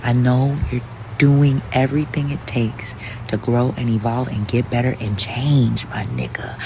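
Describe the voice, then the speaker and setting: A man's voice: medium pitch, level tone, unhurried, creaky, noisy background. A man giving a motivational pep talk in intense, half-whispered affirmations.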